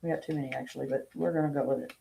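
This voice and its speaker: A woman's voice: very deep voice, steady tone, very fast, creaky, noisy background. A woman reading tarot cards on a casual live stream, chatting with viewers by name and thinking aloud as she lays out the cards. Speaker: tarot reader.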